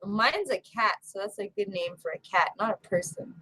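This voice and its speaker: A woman's voice: medium pitch, normal speed, bright, forceful tone, no room sound, rough recording. A woman streamer chatting on a voice call, swearing freely and cooing baby talk at her cat. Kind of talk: casual chat on voice call.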